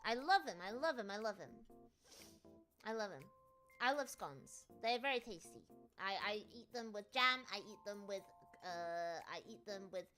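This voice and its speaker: A woman from the UK streaming casually, answering viewer questions in an excitable, giggly, rambling way. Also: medium pitch, normal speed, soft background music. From United Kingdom. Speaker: VTuber streamer.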